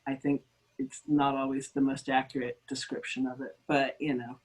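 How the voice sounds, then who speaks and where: A woman speaks as a linguist guest in a relaxed interview. She is chatty and self-deprecating and fills her pauses with ums. The sound is that of a video call. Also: extremely low pitch, breathy edge, poor audio. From United States. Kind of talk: conversational interview.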